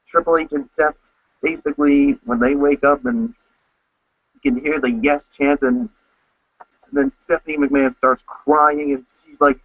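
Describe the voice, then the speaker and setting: A man co-hosting a casual podcast recap, telling events with excitement and acting out his own reactions. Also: mid-range voice, unhurried, no echo. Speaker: co-host. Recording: dull lo-fi, dry sound.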